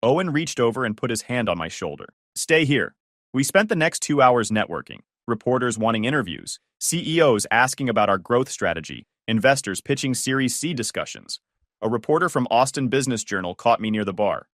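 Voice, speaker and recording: This male storyteller speaks briskly, recounting a drama in the first person with lively, expressive rises and falls around a middle pitch. The sound is close-miked and dry, free of any room reverb.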